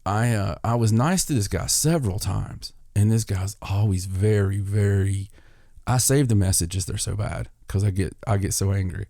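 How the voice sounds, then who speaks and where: A man's voice: on the low side, moderate pace, creaky, mellow, no room sound, studio quality. A man hosting a podcast, casually telling a story and acting out both sides of an argument. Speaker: podcast host.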